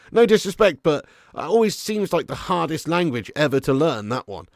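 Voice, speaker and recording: Chatty English football streamer, dry close mic. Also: male voice, a little high, normal speed, gravelly, few pauses, no echo. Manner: chatty, laddish, swings from mumbling to excited bursts. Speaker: football watch-along host. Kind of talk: live-stream chat reading comments.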